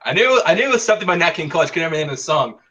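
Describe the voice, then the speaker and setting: A man's voice: on the high side, big pitch swings, racing, bright, forceful tone, highs cut off. A man competing in a trivia quiz, thinking aloud as he hunts for answers. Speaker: trivia contestant.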